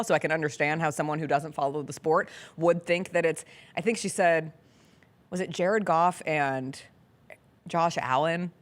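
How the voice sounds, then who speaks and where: A woman hosting a sports talk show, chatting casually and animatedly, laughing often. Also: deep voice. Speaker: sports radio show host. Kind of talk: casual chat.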